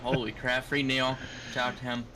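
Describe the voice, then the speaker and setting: A young man interviewed after a sim race, relaxed and joking, with plenty of fillers. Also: medium pitch, normal speed, slight background noise. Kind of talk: casual post-race interview.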